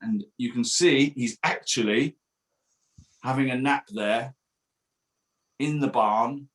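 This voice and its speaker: Guy reading his kids book out loud at a bookshop, sing-songy, doing silly noises, mid pitch. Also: takes it slowly. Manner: playful, sing-song, demonstrating silly noises. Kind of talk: reading aloud to children. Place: bookshop event streamed online.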